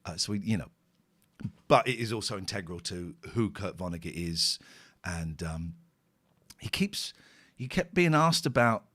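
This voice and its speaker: A middle-aged man rambles through a casual radio chat, his pitch swinging widely as feeling takes over. He sounds worn out and near tears. The studio sound is close and dry. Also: animated, measured pace, pauses often, sharp tone, dry recording. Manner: emotional, rambling, tearful at times. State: tired. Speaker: radio host. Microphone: studio microphone.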